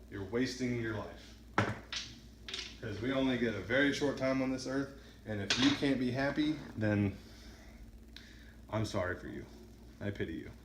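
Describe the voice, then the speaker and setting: A man chats loosely as he throws dice, drifting between stories and reading off each roll. His voice sits at an ordinary middle pitch. It bounces around an echoey room, with clear noise and dice clicks behind him. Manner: rambling, counting results aloud. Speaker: craps vlogger. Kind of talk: casual talk while throwing dice. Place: indoors at a home dice-practice setup.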